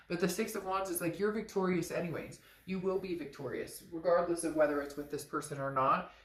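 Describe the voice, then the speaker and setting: A woman giving a casual tarot reading, frank and animated, sometimes swearing and acting out what people might say. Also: reverberant. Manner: animated, frank, swears, acts out quoted lines in a high voice. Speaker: tarot reader.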